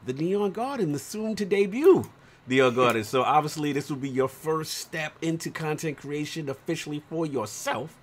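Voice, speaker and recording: A man hosting a casual podcast interview, encouraging his guest with quick affirmations. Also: a little high, expressive. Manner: supportive, frequent backchannel. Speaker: podcast host.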